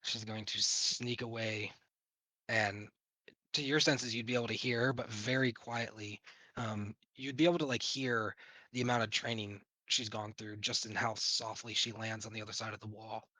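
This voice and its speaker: A man's voice: fairly low pitch, steady tone, normal speed, bright, forceful tone, no room sound, rough recording. A man narrating as game master in a tabletop game, in a loose, chatty way with fillers.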